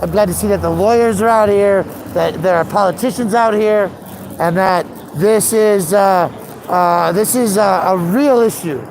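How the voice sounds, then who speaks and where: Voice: medium pitch, moderate pace, background noise. A citizen journalist giving heated, impassioned commentary while filming on a city street. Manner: impassioned, builds into an indignant rant.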